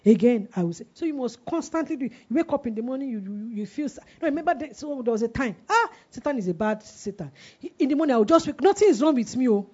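A woman's voice: a little high, expressive, fast, few pauses, a little mellow, slightly rough. A woman in her forties preaching a sermon, asking the congregation questions and letting them answer, with emphatic delivery. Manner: call-and-response questioning, emphatic. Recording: dull lo-fi recording.

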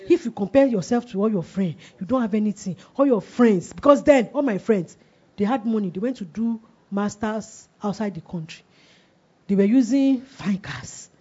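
With a warm, breathy-edged, medium-pitched voice, a woman in her forties preaches at a moderate pace, animated throughout. Her emphatic sermon uses call-and-response, asking the congregation questions and letting them answer, captured in dull lo-fi audio.

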